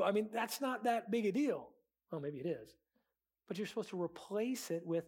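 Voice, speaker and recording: A man's voice: high-pitched, expressive, normal speed, darkish tone, breathy edge. A man preaching a sermon as pastor, earnest, acting out quoted prayers and excuses.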